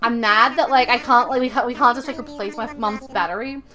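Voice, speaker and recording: A woman's voice: on the high side, fairly even intonation, a little fast, music in the background. A woman from Australia, chatting casually on a live stream, rambling with lots of fillers and frequent swearing.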